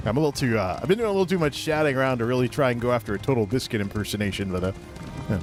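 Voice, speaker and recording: Man, game streamer, hoarse scratchy throat, joking mock-British presenter voice, very lively swooping pitch. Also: fast talker, soft background music. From United States. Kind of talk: casual gameplay stream chat.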